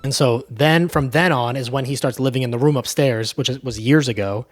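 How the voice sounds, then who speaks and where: A man's voice: medium pitch, a little fast, faint music behind. A man casually retelling a movie plot, loose and profane, full of fillers. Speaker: movie recap host.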